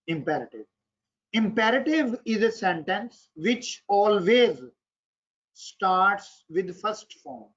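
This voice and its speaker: A male English teacher giving a classroom grammar lecture. He explains slowly, repeats and acts out example sentences, and drops in Arabic and Urdu words for his students. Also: high voice, a bit bright. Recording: dull lo-fi classroom recording.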